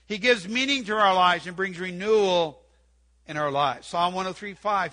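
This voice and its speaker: A man's voice: high-pitched, moderate pace, bright, forceful tone. An older man preaching an earnest sermon in church, repeating key phrases and quoting scripture. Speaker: pastor.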